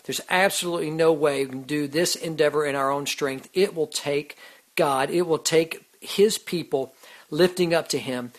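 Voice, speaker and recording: On his Christian radio show, a man whose voice is a little high talks about faith at a normal speed. The tone is heartfelt but informal, and he leans on "you know" and frequently restarts his sentences.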